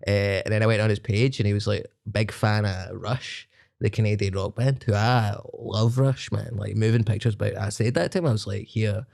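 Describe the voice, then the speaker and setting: A man's voice: lowish voice, moderate pace, creaky, darkish tone. A man telling rambling stories with frequent laughter in a casual podcast chat. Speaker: comedian guest.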